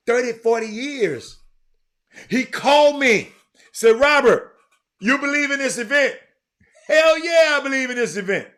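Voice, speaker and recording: A middle-aged man, hosting a casual, rambling talk to viewers. He talks in an animated, repetitive way, with many fillers and sudden bursts of excitement. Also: on the high side. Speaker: show host.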